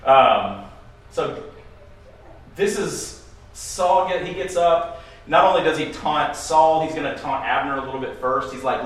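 A man's voice: fairly high pitch, unhurried. Man leading a Bible study, echoey and distant. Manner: animated, acts out quotes in playful voices. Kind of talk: casual Bible study discussion. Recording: echoey room from far off with faint ambience.

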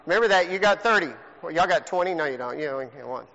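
A man's voice: fairly high pitch, expressive, fast talker, bright, forceful tone. A man, a pastor teasing and joking as he runs a trivia game for a congregation in a church sanctuary. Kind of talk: playful game hosting to a congregation. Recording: long hall reverb, dull lo-fi sound.

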